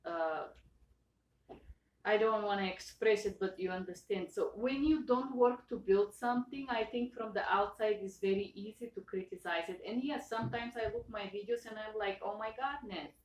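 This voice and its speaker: A woman's voice: medium pitch, slight background noise. Earnest woman speaking with an accent. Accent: non-native English accent. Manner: earnest, emotional, halting with many restarts. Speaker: channel owner. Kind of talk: personal thank-you talk to viewers. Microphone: own camera. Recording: roomy echo, voice far from mic.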